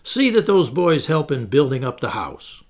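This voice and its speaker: A man voicing a bossy, eager boy who leads the others, talking in brisk commands. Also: a little high, big pitch swings. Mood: commanding.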